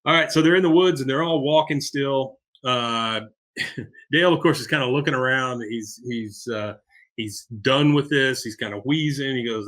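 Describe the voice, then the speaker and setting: A man co-hosting a podcast, retelling a cartoon episode scene by scene. He talks in a loose, animated way. His voice is bright and forward, with pitch in the middle range. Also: normal speed. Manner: animated, acts out quotes. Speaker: podcast co-host. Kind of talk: casual episode recap.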